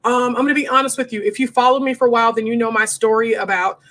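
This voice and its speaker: A woman's voice: a little high, fairly even intonation, very fast, a bit bright. A woman hosting a homeschooling live Q&A from her desk at home, talking frankly and casually and calling her viewers y'all. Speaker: homeschool livestream host. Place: home desk during livestream.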